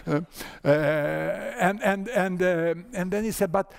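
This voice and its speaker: An older man with a Swedish accent speaks to a conference audience. His voice sits a little high and has a gravelly edge. He tells the story with many asides, "huh?" and "you know", and often stumbles over repeated words. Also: slow, few pauses. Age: 60s. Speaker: lecturer. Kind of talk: conference talk.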